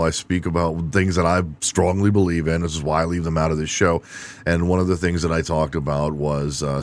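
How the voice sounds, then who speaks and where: A man hosting his own podcast, delivering an irreverent, profane comedic monologue and laughing at his own jokes. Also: low voice. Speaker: podcast host.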